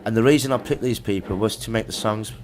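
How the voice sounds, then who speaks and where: A middle-aged man with a Birmingham accent, a musician guest chatting in a music studio. His voice sits very low. He tells long, rambling anecdotes in an easygoing way. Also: fast talker. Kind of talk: casual chat interview.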